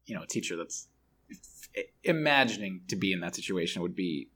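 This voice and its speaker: A man's voice: low-pitched, lively intonation, brisk, pushed and bright, slight background noise. A man joining a podcast as a guest, chatting in a reflective, hesitant way with many fillers. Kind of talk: casual chat.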